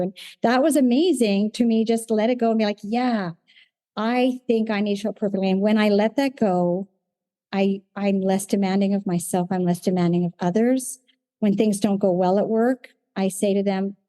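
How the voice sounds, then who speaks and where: A middle-aged woman sharing her recovery story at a meeting, animated, acting out her own past conversations. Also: mid-range voice, moderate pace, no room sound. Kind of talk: personal testimony in a recovery meeting.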